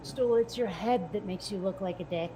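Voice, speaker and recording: A woman's voice: medium pitch, moderate pace, background noise. A woman in casual chat, firing off dry, teasing comebacks.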